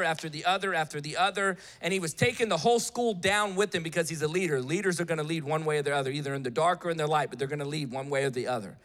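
A male preacher giving an impassioned sermon, swinging between shouted appeals and hushed storytelling. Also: fairly high pitch, long reverb tail.

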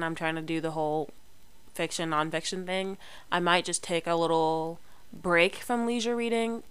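A woman's voice: on the low side, fairly bright tone, clear, resonant tone, no room sound. A young woman chatting casually to her camera, rambling with many fillers and restarts. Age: young adult. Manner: chatty, rambling, lots of fillers and self-corrections. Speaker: vlogger.

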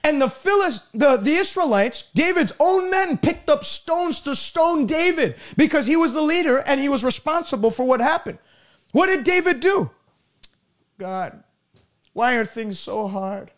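A man preaching a fervent broadcast sermon, repeating words and breaking into bursts of shouting. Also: extremely high pitch, lively intonation, moderate pace.

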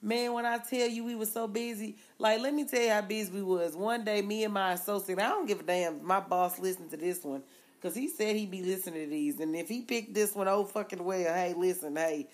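A young woman co-hosting a casual podcast, telling stories loudly with lots of laughter and profanity. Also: medium pitch, brisk. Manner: loud, laughing, profane storytelling. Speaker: podcast co-host. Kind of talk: casual chat.

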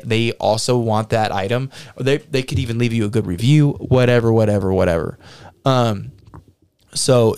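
A man's voice: medium pitch, darkish tone, clean tone. A man co-hosting a casual podcast, joking with rambling asides and casual swearing. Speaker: podcast co-host.

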